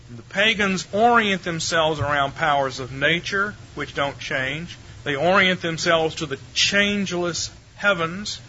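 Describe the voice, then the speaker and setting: A man's voice: a little high, unhurried, few pauses, pushed and bright. Wry older man lecturing, lo-fi hiss. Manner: conversational, wry, speaks directly to listeners with rhetorical questions. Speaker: theology lecturer. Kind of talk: classroom lecture to a live audience.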